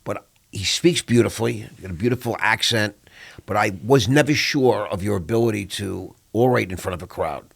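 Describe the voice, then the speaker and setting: Gravelly-voiced man telling a story. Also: on the low side, moderate pace. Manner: animated storyteller, acts out quoted voices. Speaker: podcast host. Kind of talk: casual storytelling interview.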